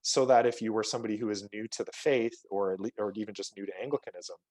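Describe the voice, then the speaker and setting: A man's voice: lowish voice, fast talker, darkish tone, no echo, rough recording. Man giving an explanatory research talk. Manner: explanatory, frequent "uh" and restarts. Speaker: guest lecturer. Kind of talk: virtual talk presenting research.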